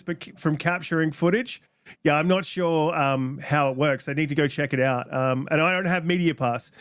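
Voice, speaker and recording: A man hosts a laid-back podcast from home, talking in loose, rambling stretches full of ums. He slips into teasing banter with his co-hosts. His voice sits a touch high. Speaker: podcast host. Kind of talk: casual podcast chat. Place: home room.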